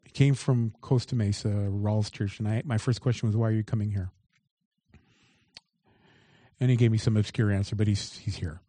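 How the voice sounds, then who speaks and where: A male pastor delivers a sermon in a dark, mellow voice. He reads verses aloud and then comments on them, raising and dropping his emphasis. The sound is dry and close. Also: lowish voice, steady tone, a little fast, no echo.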